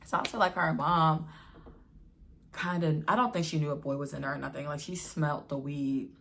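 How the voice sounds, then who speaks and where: A young woman vlogger telling a casual storytime in an animated, slangy way, acting out what people said. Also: low voice, creaky, a little hiss or hum.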